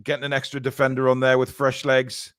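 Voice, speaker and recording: A man commentating live on a football match as a fan and co-host, excitable and blunt, sometimes swearing. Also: mid-range voice, fairly quick, clear, resonant tone.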